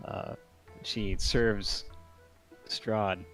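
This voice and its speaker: A man's voice: on the low side, steady tone, very slow, a bit bright, soft background music. A man playing in a tabletop game who talks hesitantly, stopping to search for words. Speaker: player. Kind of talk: in-character tabletop play.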